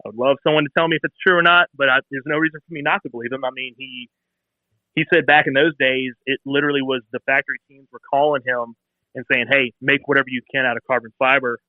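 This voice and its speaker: A man in his thirties telling a long, animated story about a bike build in a casual interview, acting out phone calls in quoted voices. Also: medium pitch, fast talker, no echo. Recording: tinny phone-like sound.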